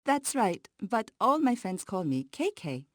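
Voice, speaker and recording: A woman plays a polite, composed graphic designer. Her pitch moves lively. The recording is dry and close. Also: a little slow, dry recording. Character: female graphic designer being interviewed.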